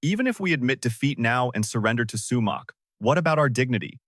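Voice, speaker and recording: A man's voice: mid-range voice, expressive, quick pace, fairly bright tone, no room sound, clean studio sound. Brief: contemptuous male magnate, defiant, mid-range voice, read by a male narrator. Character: proud defiant male tycoon.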